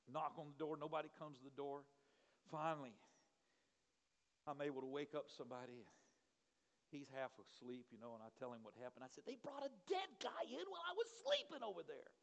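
A man pastor telling a story in a sermon, acting out what people said and shouting at the peaks. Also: on the high side, in a large hall, muffled recording. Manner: animated, acts out quotes, shouts at peaks.

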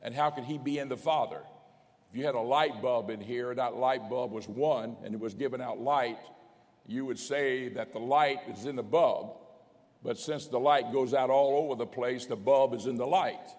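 A man's voice: medium pitch, moderate pace, a little mellow. An older man, a bishop, preaching a folksy teaching sermon and reading scripture aloud with rising emphasis. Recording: long hall reverb.

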